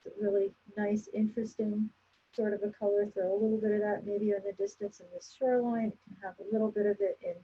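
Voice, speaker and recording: A woman demonstrating an oil painting and explaining each step as she works, in a relaxed, instructive way. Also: mid-range voice, breathy edge, muffled recording. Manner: relaxed, instructive, thinking aloud while painting. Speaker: painting teacher.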